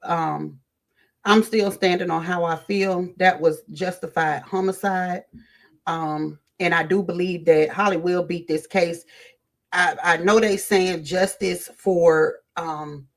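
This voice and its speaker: A woman with a Southern American accent hosting a casual livestream, chatting loosely and greeting viewers by name, with frequent ums and restarts. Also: fairly low pitch. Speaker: livestream host.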